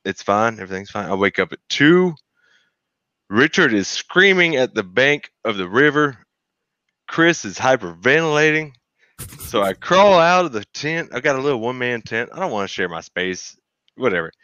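A man, co-hosting a podcast and telling a lively story where he acts out his friends' voices. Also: medium pitch, normal speed, no room sound, lo-fi sound. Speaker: podcast co-host. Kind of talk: casual storytelling.

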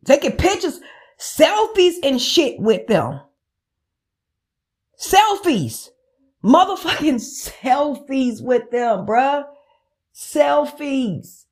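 A woman's voice: sits high, sing-song, slow. A woman podcast host, ranting in a heated, profane, emphatic way. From United States. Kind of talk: angry political rant.

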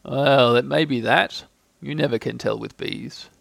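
A man doing Winnie-the-Pooh, slow and earnest. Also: medium pitch, gravelly, no room sound. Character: gentle simple-minded male bear.

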